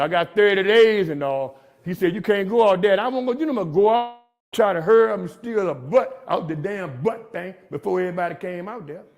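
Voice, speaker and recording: A man's voice: high voice, darkish tone. A middle-aged man speaking at a jail gathering, telling his recovery story in street slang and ending lines with "man.". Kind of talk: motivational recovery talk.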